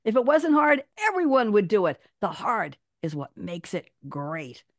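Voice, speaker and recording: A woman reading a quote as a gruff male baseball coach, delivered bluntly and with emphasis. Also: mid-range voice, very animated, measured pace, no echo, clean studio sound, pitched above the performer's own voice. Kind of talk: reading a movie quote aloud.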